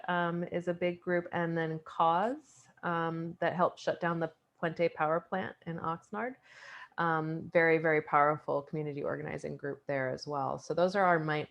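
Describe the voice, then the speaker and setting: A woman's voice: low voice, fairly even intonation, moderate pace, gravelly, dull audio. A woman on a video call, speaking as an environmental advocate on a panel in a friendly way. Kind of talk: casual online panel chat.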